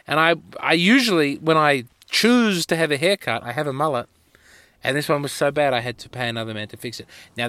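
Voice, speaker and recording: An Australian man hosts a solo podcast, telling rambling, wry, self-mocking stories into a close mic. His voice is fairly high, pushed and bright, and smooth, and the recording is dry.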